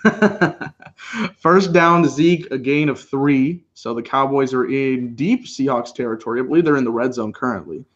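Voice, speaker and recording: A man's voice: medium pitch, moderate pace, lo-fi sound. Casual man calling the game live. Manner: relaxed, laughs often, calls plays as they happen. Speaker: co-host of a live game reaction stream. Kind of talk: casual live play-by-play chat.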